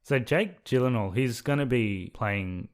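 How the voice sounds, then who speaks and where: A man's voice: mid-range voice, a little slow. A man co-hosting a podcast, talking hesitantly and restarting sentences as he thinks aloud. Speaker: podcast co-host. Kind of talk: casual chat.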